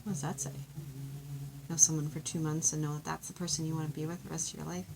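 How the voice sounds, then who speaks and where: A woman giving an intuitive love card reading, talking in a gentle, heartfelt, chatty way and sharing her own story. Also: deep voice, little pitch movement, fast, gravelly, noisy background. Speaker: tarot card reader.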